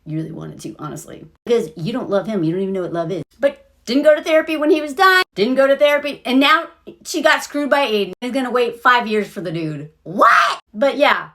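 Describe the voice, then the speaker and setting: Brief: a blunt, sarcastic woman ranting about TV, high voice that swoops all over. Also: lively intonation, fairly quick, a bit bright. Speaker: video creator. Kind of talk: sarcastic TV commentary rant.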